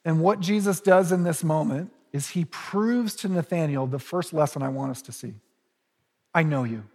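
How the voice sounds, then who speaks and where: Male pastor, casual storytelling sermon, husky voice, echoey church hall. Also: a little high, moderate pace, darkish tone. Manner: conversational storytelling with humorous asides.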